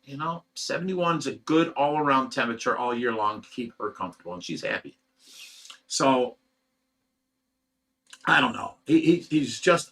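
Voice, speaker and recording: A man's voice: mid-range voice, sharp tone. A middle-aged man from Ohio who runs a fish rescue, venting at home in a casual, agitated monologue, stumbling over repeated words. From Ohio, USA.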